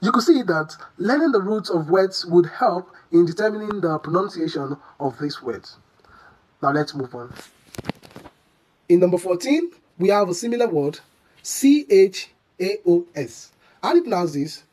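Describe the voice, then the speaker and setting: A mid-pitched voice in a pronunciation lesson. It says each word over and over, slowly and with care. It keeps quizzing the listener on how to say things. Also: lively intonation, a little mellow, low-quality recording. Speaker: English pronunciation teacher.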